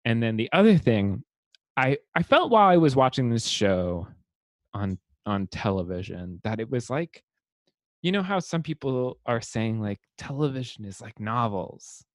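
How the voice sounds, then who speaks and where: A man co-hosting a podcast, chatting casually in a relaxed way, with many fillers and restarts. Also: mid-range voice, normal speed, no echo, clean studio sound. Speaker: podcast co-host. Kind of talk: casual chat.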